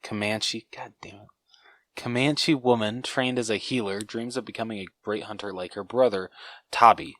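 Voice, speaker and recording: A man's voice: on the low side, fairly even intonation, normal speed, fairly bright tone, no echo. A young man co-hosting a podcast, casually recapping a film's plot, stumbling over names and swearing at himself. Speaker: podcast co-host.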